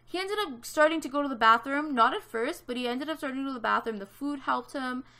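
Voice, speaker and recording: A woman's voice: high-pitched, fast, pushed and bright. A woman in her twenties from Canada, telling a story in casual chat over a gaming video, with lots of fillers. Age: 20s. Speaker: gaming vlogger.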